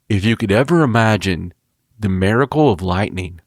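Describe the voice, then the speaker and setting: A man co-hosting a podcast in casual chat, an animated storyteller who acts out voices and laughs often. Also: lowish voice, no room sound, studio quality. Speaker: podcast co-host.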